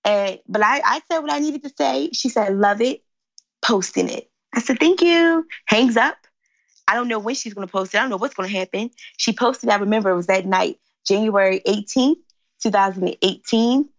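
Woman guest from Philly, lively storyteller, fry in the voice, dull recording. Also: a little fast, dry recording. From Philadelphia. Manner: expressive, acts out quotes with big pitch jumps. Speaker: guest, company founder. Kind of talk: animated storytelling in conversation.

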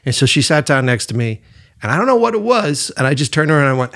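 A man co-hosting a podcast, telling a personal story in a loose, animated way and swearing freely. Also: a little high, quick pace, gravelly. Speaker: podcast co-host. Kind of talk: casual storytelling chat.

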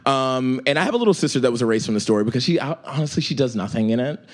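A young man in his twenties spins a rambling, profane comic story, full of ums and likes. He leaps up high to stress a point and sinks low and quiet when he quotes people. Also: very fast. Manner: animated, profane, rambling with many fillers.

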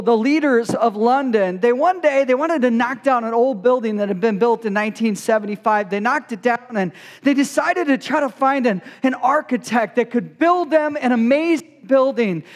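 High-voiced man telling a story in a hall. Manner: animated storyteller, quick asides. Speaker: guest speaker. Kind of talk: storytelling talk to a youth group.

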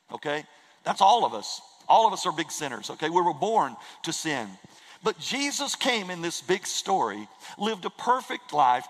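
A man preaching in a church, with an earnest, emphatic delivery that leans on repeated phrases. His voice sits a little high for a man and trails off into a long hall reverb. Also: big pitch swings, normal speed, a bit bright. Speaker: pastor. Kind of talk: sermon. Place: church sanctuary.

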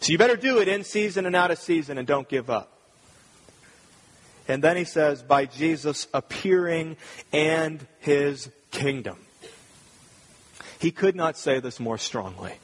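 A man's voice: a little high, lively intonation, normal speed. A man preaching a sermon as pastor, earnest and emphatic, repeating key phrases for weight. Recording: husky voice with long hall reverb.

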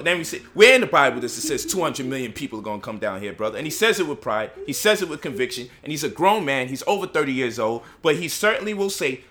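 Bright-voiced preachy New man. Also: mid-range voice. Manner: preachy, rhetorical questions, mocking quoted voices. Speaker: speaker leading a discussion. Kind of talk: impassioned lecture.

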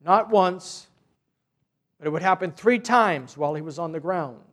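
Male priest with a high voice, earnest sermon storytelling, loose and conversational. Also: a bit bright. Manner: earnest storytelling, unhurried, with restarts. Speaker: parish priest.

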